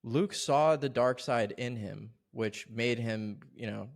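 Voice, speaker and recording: Gravelly man rambling in casual chat. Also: medium pitch, slow pace. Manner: rambling, full of restarts and "you know". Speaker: podcast co-host.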